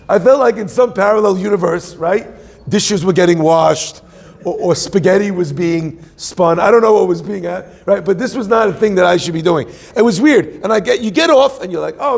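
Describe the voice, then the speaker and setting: Husky, gravelly rabbi preaching in a hall. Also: male voice, high-pitched. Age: 40s. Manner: joking, conversational, asks the audience questions. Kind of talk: humorous sermon. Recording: long hall reverb.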